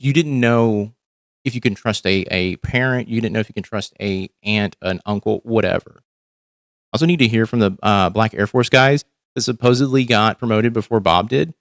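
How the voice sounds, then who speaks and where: A man's voice: fairly low pitch, normal speed, fairly bright tone, no room sound, studio quality. A man hosting a casual livestream, talking candidly and rambling with frequent ums and swearing. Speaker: livestream host.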